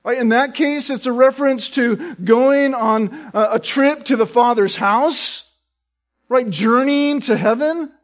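A man's voice: very high voice, slow pace. A man preaching a sermon as pastor, explaining earnestly and often asking listeners "right?" to check in.

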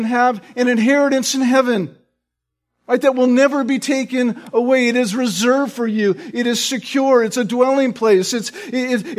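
A man preaching a sermon as pastor, explaining earnestly and often asking listeners "right?" to check in. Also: extremely high pitch.

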